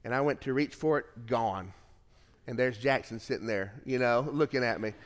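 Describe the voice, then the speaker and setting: Middle-aged pastor preaching in a reverberant hall. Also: male voice, mid-range voice, moderate pace. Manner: earnest storytelling, swells louder on key phrases. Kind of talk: sermon.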